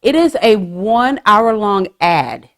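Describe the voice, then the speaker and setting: A woman's voice: mid-range voice, expressive, takes it slowly, fairly bright tone. A woman hosting a podcast, chatting casually with swearing and gossipy humor. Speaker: podcast host. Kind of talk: casual chat.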